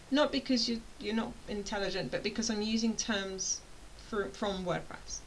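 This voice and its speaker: A woman's voice: mid-range voice, moderate pace, hardly any pauses, a little hiss or hum, low-quality recording. Chatty British woman course tutor. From United Kingdom. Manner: rambling, self-interrupting, playful. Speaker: online course instructor. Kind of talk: casual chatty explainer.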